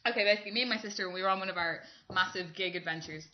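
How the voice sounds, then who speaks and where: A woman chatting casually and telling lively stories, laughing often. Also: medium pitch, rapid-fire. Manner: animated storyteller, laughs often. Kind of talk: casual chat. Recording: lo-fi room recording.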